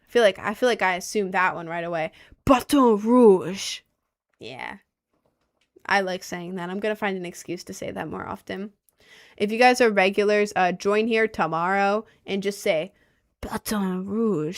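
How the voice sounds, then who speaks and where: A young woman hosting a casual livestream, answering her chat in a rambling, giggly way and often repeating herself. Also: medium pitch. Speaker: livestream host reading chat.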